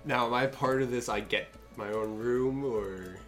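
Man, tabletop player, casual, asks questions, mid-pitched voice, faint music. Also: measured pace, a bit bright. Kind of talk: tabletop game chat.

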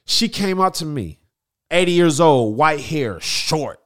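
A man in his thirties, a former radio host, telling stories in a casual chat, animated, with many fillers and restarts. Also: a little high, slow.

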